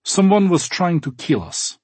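A man voicing a young male gamer who talks quickly and plainly. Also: high voice, sing-song, a little mellow, dry recording, pitched above the performer's own voice, exaggerated voice. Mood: urgent.

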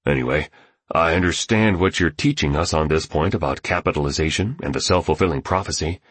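A man's voice: low-pitched, slightly rough, dry recording, full character voice. A man voicing a thoughtful, insecure male artist who speaks in a subdued, hesitant way.

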